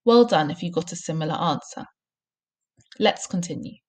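Husky woman teacher giving a lesson. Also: on the low side, normal speed, a little mellow. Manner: clear, encouraging, instructive. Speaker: primary school teacher. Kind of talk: recorded home-learning lesson and read-aloud.

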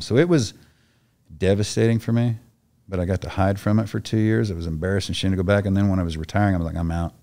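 This middle-aged retired soldier has a low-pitched, warm voice. As a podcast guest he tells a story casually, bluntly and with plenty of profanity, voicing the other characters himself.

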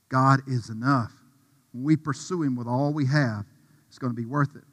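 A man preaching a sermon with passion, dropping to a hush and rising to a shout. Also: mid-range voice, normal speed, in a large hall. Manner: impassioned, swings from hushed to shouting. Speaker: pastor.

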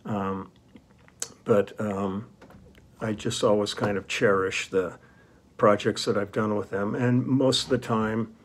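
Low-voiced American man, rambling vlog chat. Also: takes it slowly, pauses often. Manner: relaxed and rambling, many ums and uhs. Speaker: touring musician vlogger. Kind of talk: casual vlog talk.

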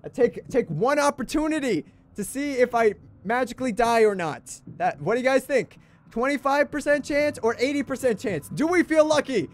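A young man streaming a game, excitable, swinging between shouting at the game and grumbling. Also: very high-pitched, fairly quick, soft background music. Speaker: gaming livestreamer. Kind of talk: livestream gameplay commentary.

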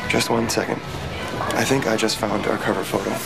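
A man's voice: fairly low pitch, little pitch movement, brisk, creaky, over loud music. A brash, oblivious young city guy. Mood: casual. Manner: casual, enthusiastic.

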